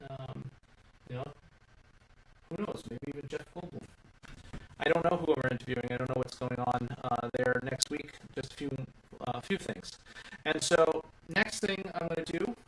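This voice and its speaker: A man's voice: medium pitch, moderate pace, a bit bright. A man casually talking through a toy set build, thinking aloud and rambling with lots of fillers and restarts, recorded indoors. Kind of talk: casual live build commentary. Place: indoor room. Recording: echoey room, mic at a distance, faint hum.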